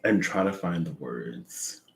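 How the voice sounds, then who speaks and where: Out of breath, this tarot reader muses his way through a reading, searching for words and leaning on plenty of fillers. His voice is low-pitched and expressive, and his pace is slow, giving the reflective monologue a casual feel.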